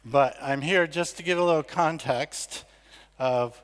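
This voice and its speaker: A man's voice: fairly high pitch, a little slow. An older American man giving a conversational, self-deprecating talk at an award ceremony. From United States. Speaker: award ceremony speaker, competition founder. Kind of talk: conference speech. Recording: long reverb of a large hall.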